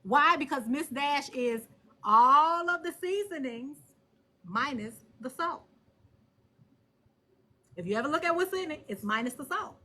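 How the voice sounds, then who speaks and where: A woman hosting a live stream and talking on her phone, blunt and animated, cursing freely. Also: high voice, unhurried, long pauses. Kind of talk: casual live stream chat.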